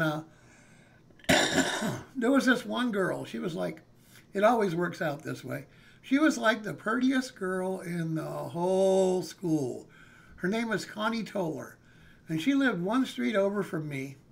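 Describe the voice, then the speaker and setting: A man spinning a casual, rambling story, full of fillers and check-ins. His voice is pitched high and heavily gravelly, with a rough husky edge. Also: lively intonation, a little slow. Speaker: streamer telling a story.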